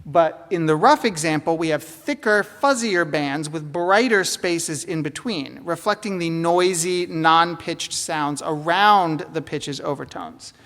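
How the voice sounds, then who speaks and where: A woman's voice: sits low, unhurried, few pauses, a bit bright. Woman lecturing in a reverberant hall. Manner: explanatory, with fillers and asides. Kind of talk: academic lecture.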